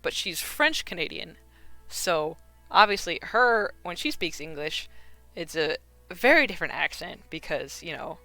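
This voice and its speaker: A woman's voice: lowish voice, very animated, measured pace, pushed and bright, no echo, soft background music. A woman with a Midwestern American accent chatting casually on a live stream while she crafts, rambling and filling with "like" and "you know.".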